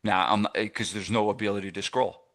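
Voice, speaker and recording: A man's voice: fairly low pitch, fairly even intonation, fairly quick. A middle-aged man from New Jersey coaching gym owners through a live masterclass, rambling and conversational with many fillers and restarts. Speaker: fitness business coach.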